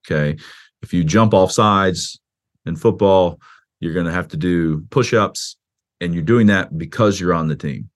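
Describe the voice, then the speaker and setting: A man with a deep, low voice speaks as a pastor in an interview. He talks in a loose, conversational way, full of restarts and "you know." When he quotes someone, he lifts his voice into an animated little performance. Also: a little slow. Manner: animated, acts out quoted speech with a raised voice. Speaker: pastor and author, interview guest. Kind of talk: explaining in a podcast interview.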